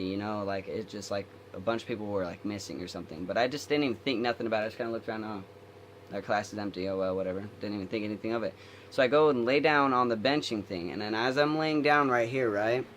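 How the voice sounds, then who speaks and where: A man's voice: mid-range voice, a bit bright, slight background noise. A young adult man telling a long story from his school days in a casual vlog, full of fillers and restarts. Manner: rambling, filler-heavy retelling. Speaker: vlogger.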